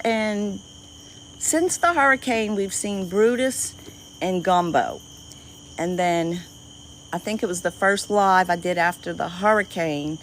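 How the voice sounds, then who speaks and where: A woman with a Cajun accent and a squeaky voice, chatting casually with viewers on a livestream from an outdoor dock at night. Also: slow pace, a little hiss or hum, low-quality recording. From Louisiana. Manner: chatty, greets viewers by name, easily delighted. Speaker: livestream host. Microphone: phone livestream.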